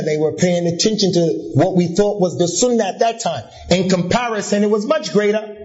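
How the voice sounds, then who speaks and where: A man's voice: high-pitched, darkish tone. A man delivering an earnest religious lecture, repeating key points for emphasis and mixing Arabic terms into English. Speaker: religious teacher. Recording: dull lo-fi recording.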